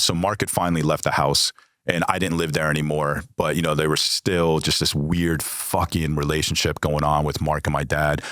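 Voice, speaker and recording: A man's voice: rumbling low, a bit bright, dry recording, clean studio sound. An American man, a podcast guest, candidly telling a personal story with blunt, frequently profane language. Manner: blunt, heavy swearing.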